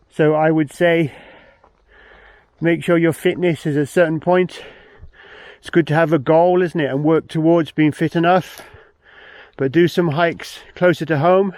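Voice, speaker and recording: A man's voice: a little high, dry recording. A man vlogging hiking tips outdoors on a mountain trail, slightly out of breath, giving plain practical advice and repeating his main points. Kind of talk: outdoor vlog with tips to camera.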